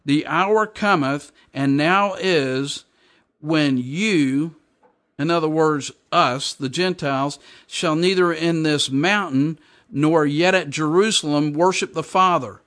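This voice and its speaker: A man's voice: on the high side, slow pace, a bit bright. A man preaching a sermon, reading scripture aloud and explaining it with emphatic repetition. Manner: emphatic, repeats and explains verses.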